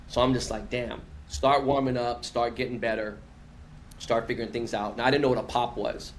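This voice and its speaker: This Los Angeles, USA, man appears as a podcast guest, telling casual stories at a fairly quick clip in a mid-range voice. He's slangy and animated, performing the quoted voices, with slight background noise in the recording.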